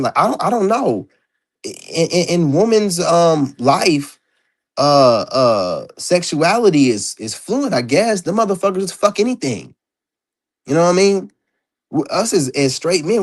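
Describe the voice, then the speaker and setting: A man ranting in a casual vlog monologue, blunt and profane, rambling with lots of fillers. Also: a little high. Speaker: vlogger. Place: indoors.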